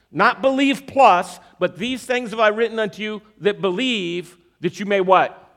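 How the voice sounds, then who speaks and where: A man preaching a sermon, using a magic trick as an object lesson and often checking in with the audience. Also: high-pitched. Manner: animated, questioning the audience, repeating verses for emphasis.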